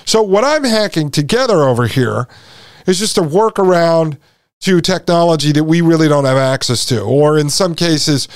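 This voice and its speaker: A man's voice: on the high side, animated, normal speed, smooth, no echo, studio quality. A man hosting his own podcast, explaining technology in an emphatic, conversational monologue and speaking straight to his listeners. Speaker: podcast host.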